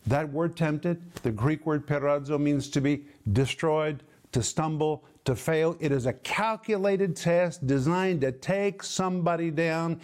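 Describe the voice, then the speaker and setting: A man preaching a sermon, emphatic, repeating key phrases and slowing down or speeding up for stress. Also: a little high, darkish tone. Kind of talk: sermon teaching.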